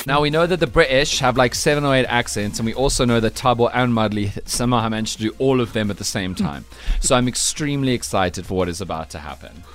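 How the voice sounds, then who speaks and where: A man's voice: mid-range voice, fast, few pauses, fairly bright tone, faint music behind. A man hosting a playful radio news quiz, teasing his co-hosts and often laughing. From South Africa. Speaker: radio show host.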